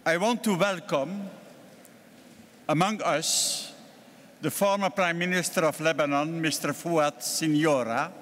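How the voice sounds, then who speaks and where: An older Belgian-accented man delivers a formal speech as a party president, his voice pitched a little high for a man. He speaks in a measured, deliberate way, leaning hard on key words. His voice rings out with the long reverb of a large congress hall. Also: fairly bright tone, slight background noise. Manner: measured, deliberate oratory with emphatic stresses.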